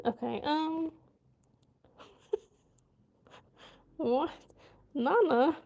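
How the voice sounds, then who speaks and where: A woman with a high voice talks slowly and casually on her vlog. She giggles a lot, tries new words aloud and mutters half to herself as she works them out. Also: noisy background. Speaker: vlogger learning a language.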